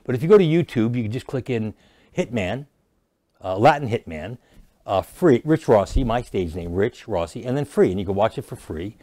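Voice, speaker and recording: A man, an actor and comedian, telling animated stories as a guest in a casual studio interview. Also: lowish voice, normal speed, dry recording. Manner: animated storyteller who jokes and restarts lines.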